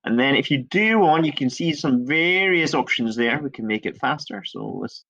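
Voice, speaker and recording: This male instructor has a gravelly, medium-pitched voice and a moderate pace as he guides viewers through code step by step. He's relaxed and talkative, shrugging off minor slip-ups, all in a dull lo-fi screen recording.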